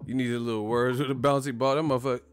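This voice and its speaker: A man hosting a video, ranting in a profane, animated, joking way. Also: medium pitch, racing, clear, resonant tone, dry recording, soft background music. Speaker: video host. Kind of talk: casual comedic rant.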